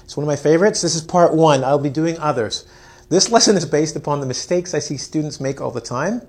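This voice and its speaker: A man's voice: fairly high pitch, brisk, darkish tone. A man teaching an English lesson on video, joking, mocking himself and acting out his students. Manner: playful, self-mocking, acts out students.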